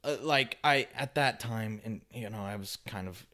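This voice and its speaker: Lively young man telling a story. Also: lowish voice, moderate pace. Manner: animated, swings between loud and hushed. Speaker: podcast host. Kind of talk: casual storytelling chat.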